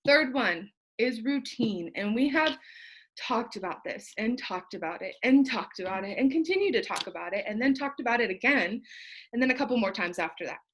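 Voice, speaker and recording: A sweaty, feverish young woman motivates her sales team in a live video, her voice on the high side, expressive, a bit bright and husky at normal speed. She's fired up and rambling, joking and casually swearing, with asides and laughs.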